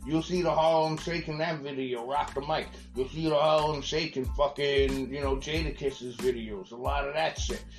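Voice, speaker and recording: A man's voice: a little high, fairly even intonation, normal speed, few pauses, faint music behind. Profane ranting man in an echoey room. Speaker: podcast host. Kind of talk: heated casual rant.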